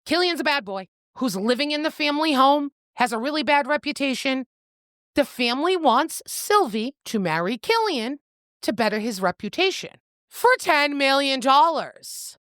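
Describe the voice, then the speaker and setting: A woman's voice: high voice, sing-song, moderate pace, a bit bright, no room sound, clean studio sound. A woman co-hosting a casual book-club podcast, retelling the plot with acted-out quotes and a bit of swearing. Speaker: podcast co-host.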